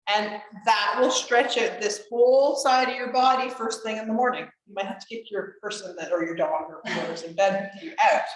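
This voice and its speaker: A woman's voice: medium pitch, moderate pace, few pauses. A woman leading a guided chair yoga class, encouraging and chatty. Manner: encouraging, chatty, laughs often. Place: community class room. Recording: echoey room, voice from far off mic.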